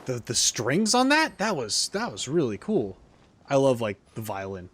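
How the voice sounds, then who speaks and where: A man streaming a game in casual let's-play commentary, excitable and rambling, talking to his viewers. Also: mid-range voice, moderate pace, slightly rough. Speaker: gaming streamer. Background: faint game music.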